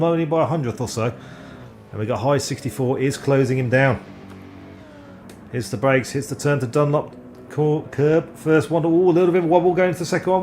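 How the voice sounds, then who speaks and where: A man giving live, rambling commentary on an online sim race, excitable and often stumbling over driver names. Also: a little high, a little hiss or hum.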